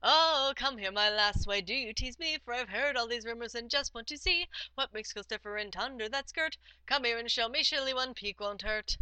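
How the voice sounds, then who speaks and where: A woman's voice: fairly high pitch, moderate pace, few pauses, bright, forceful tone, clear, resonant tone, dry recording. A woman voicing an eager, pleading young lad in a bawdy folk ballad, coaxing and wheedling.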